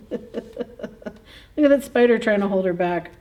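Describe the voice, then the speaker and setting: A woman's voice: mid-range voice, fast, darkish tone, dull audio, slight background noise. A woman librarian reading a picture book aloud at a children's story time, in a playful, chatty way, chuckling and asking the kids questions.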